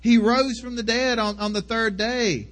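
Very high-voiced man preaching. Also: steady tone, unhurried, a bit bright. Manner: repeats words often, earnest. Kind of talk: sermon.

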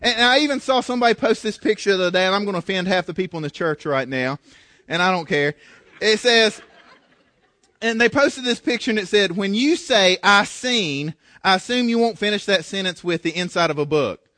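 A man preaching a sermon in a church, often stumbling and repeating words as he talks, with animated asides. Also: high voice, fairly quick, dry recording, clean studio sound. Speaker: pastor.

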